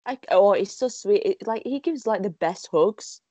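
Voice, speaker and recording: A woman from the UK chatting casually, telling fan stories in a gushing, giggly, animated way. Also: mid-range voice, normal speed, no echo. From United Kingdom. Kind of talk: casual chat.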